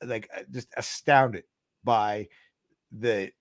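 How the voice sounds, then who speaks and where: A man's voice: fairly low pitch, steady tone, takes it slowly, no room sound, studio quality. A Canadian man co-hosting a sports chat, talking with emphatic enthusiasm and piling up vivid lists. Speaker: podcast co-host. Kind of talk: casual chat.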